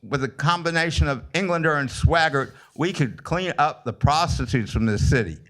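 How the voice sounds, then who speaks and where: A man's voice: on the high side, expressive, moderate pace, a bit bright. A man giving a crude, mocking, sarcastic public comment at a city council meeting.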